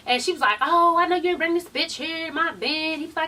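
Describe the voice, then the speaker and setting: A woman's voice: very high voice, fairly quick, hardly any pauses, bright, forceful tone, far from the mic, slight background noise, low-quality recording. A young woman giving a casual, profane reality TV recap, acting out the people she quotes. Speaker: TV recap vlogger.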